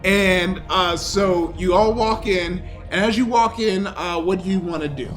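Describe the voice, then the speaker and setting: A man's voice: high-pitched, a little slow, soft background music. A man narrating as game master, loose and rambling, with lots of fillers. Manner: loose, rambling narration with many fillers, breaking into loud voices for characters.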